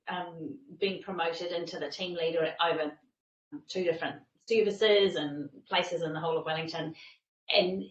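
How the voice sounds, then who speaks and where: A woman's voice: lowish voice, a bit bright, reverberant, recorded from a distance, highs cut off. A woman coach teaching a masterclass, talking emphatically and repeating phrases for stress.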